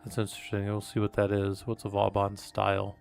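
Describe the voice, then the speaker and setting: A man's voice: lowish voice, completely flat delivery, brisk, gravelly, a little mellow, soft background music. A man reading research papers aloud on a live stream and commenting casually between passages, with fillers and restarts. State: coughing, hiccups.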